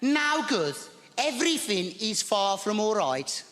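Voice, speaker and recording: Fussy Birmingham neighbour lady, put on by a male comedian, chatty and high-pitched, live hall echo. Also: very animated, slow pace, very noisy, exaggerated voice. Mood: fussy gossip. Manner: chatty, calls people babes. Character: older woman neighbour from Birmingham, fussy, gossipy. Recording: live stage in a reverberant hall.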